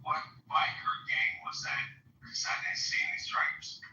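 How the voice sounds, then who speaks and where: A man's voice: unhurried, bright, forceful tone, distant mic. A middle-aged man calling into a livestream, talking in a blunt, streetwise way. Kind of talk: casual chat. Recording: dull, echoey call line with faint noise.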